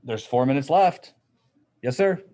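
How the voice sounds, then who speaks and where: A man's voice: mid-range voice, animated, a little slow, warm tone. A middle-aged man teaching a physics class in a classroom, explaining in a casual, conversational way. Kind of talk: classroom lecture.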